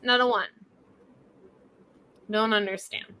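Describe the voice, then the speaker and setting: A woman's voice: medium pitch, slow, smooth. A woman in her thirties co-hosting a podcast, chatting casually and acting out quotes with laughs. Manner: animated, laughing, acts out quotes. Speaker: podcast co-host. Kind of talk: casual chat.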